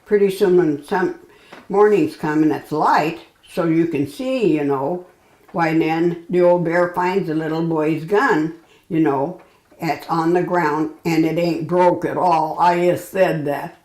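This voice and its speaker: A woman reading a folksy children's bedtime story aloud, pausing and correcting herself as she goes. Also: deep voice, a little mellow, reverberant, low-quality recording. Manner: halting, self-correcting storytelling.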